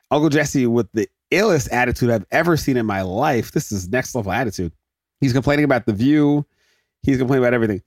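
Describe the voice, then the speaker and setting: A man hosting a podcast, recapping a sitcom episode in an animated, jokey way and slipping into quick mock voices for the characters. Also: medium pitch, no echo, studio quality. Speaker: podcast host.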